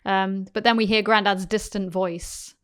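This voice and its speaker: A woman's voice: mid-range voice, fairly even intonation, unhurried, fairly bright tone, clear, resonant tone. A British woman co-hosting a podcast, leading the scene recap in easygoing chat. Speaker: podcast co-host. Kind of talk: casual chat.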